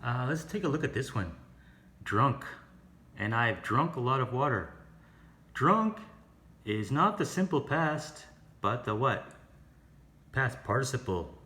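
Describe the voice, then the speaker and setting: A man's voice: medium pitch, sing-song, slow, pauses often, bright, forceful tone. A man teaching an English lesson, explaining grammar and pronunciation step by step and asking the class questions.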